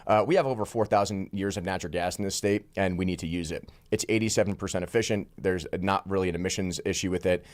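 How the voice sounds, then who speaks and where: A man in his thirties, a congressional candidate, talking fast and assertively as a guest in a radio studio interview. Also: low voice. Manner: rapid, assertive, talks very fast.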